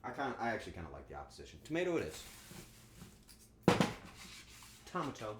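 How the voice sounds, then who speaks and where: Animated crude-joking male streamer. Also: lowish voice, fast, slight background noise. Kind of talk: casual livestream chat while cooking. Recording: echoey room with faint ambience.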